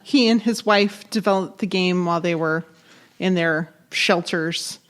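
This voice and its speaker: A woman co-hosting a podcast, reacting to her friend and then briskly reading out facts and trivia. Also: lowish voice. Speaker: podcast co-host. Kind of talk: casual chat.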